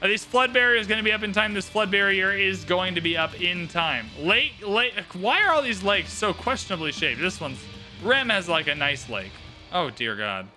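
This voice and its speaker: Over faint game music, a man livestreaming a strategy game gives relaxed, joking commentary at a moderate pace. His voice is high and very bright, and he chats along with easy, playful asides.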